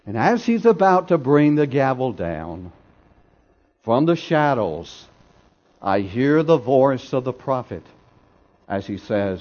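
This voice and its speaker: A man preaching a dramatic sermon, telling a story with swells of intensity and drops to hushed tones, in a dull lo-fi recording. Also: mid-range voice, sing-song, measured pace. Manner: dramatic, swelling then dropping to near whispers.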